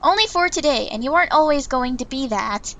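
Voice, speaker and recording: Brief: stubborn, earnest young woman narrating a visual novel, read by a woman, slightly high voice. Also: animated, a little fast, a bit bright, poor audio. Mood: indignant. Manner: indignant, earnest narration in first person. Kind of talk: reading a visual novel aloud.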